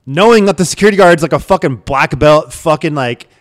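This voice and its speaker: Young male co-host, quick rambling storyteller, crude and loose. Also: a little high. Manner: rambling, swears a lot, laughs often. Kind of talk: casual storytelling chat.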